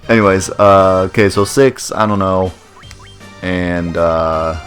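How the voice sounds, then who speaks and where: A man's voice: low voice, fairly even intonation, slow, soft background music. A young man hosting a let's play, chatting casually and rambling in a self-deprecating way as he plays. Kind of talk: casual gameplay commentary.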